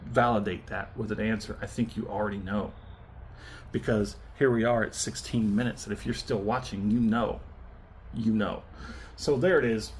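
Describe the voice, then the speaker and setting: A man hosting his own channel, giving a chatty, animated spoken review of a whiskey and laughing between thoughts. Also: lowish voice, a little hiss or hum.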